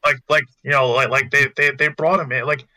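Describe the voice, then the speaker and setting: A man's voice: medium pitch, steady tone, a little fast, pushed and bright, slight background noise. A man co-hosting a casual sports podcast, stumbling and repeating words as he talks. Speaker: podcast co-host.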